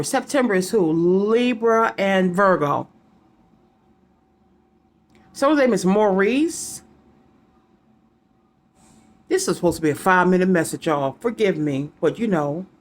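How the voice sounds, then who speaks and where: A woman's voice: on the low side, lively intonation, a little slow, pauses often. A woman giving a casual psychic reading to her viewers, rambling and repeating names and letters aloud as she goes. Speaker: psychic reader.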